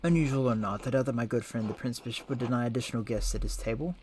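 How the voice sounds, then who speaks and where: A man's voice: medium pitch, fast, darkish tone, slight background noise, natural voice. A man voicing a proud noble baron who is displeased with commissioned work in a video game. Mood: demanding. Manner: demanding.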